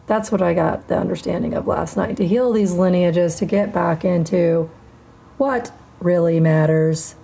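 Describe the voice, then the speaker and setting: Slow, gravelly woman preaching defiance. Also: fairly low pitch, warm tone, slight background noise. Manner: defiant, profane, drawn-out emphatic phrasing. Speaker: spiritual channel host. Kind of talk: spiritual monologue to camera.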